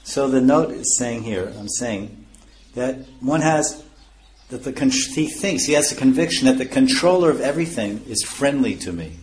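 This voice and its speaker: A man's voice: medium pitch, expressive, moderate pace, a little mellow, a little hiss or hum. A man giving a scripture lecture as a spiritual teacher, explaining terms one by one and chuckling at his own points.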